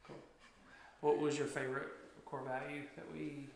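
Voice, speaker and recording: A man's voice: on the high side, little pitch movement, moderate pace, gravelly. A man hosting a casual family chat, easygoing and encouraging, in an echoey room with faint noise. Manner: easygoing, encouraging, many fillers. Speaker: host, father leading a family values talk.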